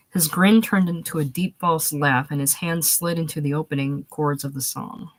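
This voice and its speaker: A woman narrating a short story aloud, steady, going back to fix small slips. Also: low-pitched, normal speed, few pauses. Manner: steady reading, restarts after slips. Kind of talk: audiobook reading of a short story.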